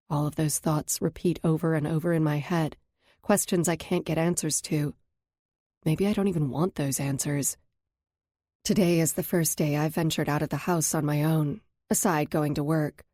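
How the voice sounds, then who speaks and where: Female audiobook narrator, lowish voice, measured introspective first-person delivery. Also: dark tone, dry recording, studio quality.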